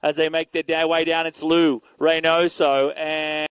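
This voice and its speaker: A man giving energetic live play-by-play commentary at an outdoor BMX race, calling out riders and bike numbers. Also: a little high, unhurried, clear, resonant tone, no room sound. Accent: Canadian. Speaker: race announcer.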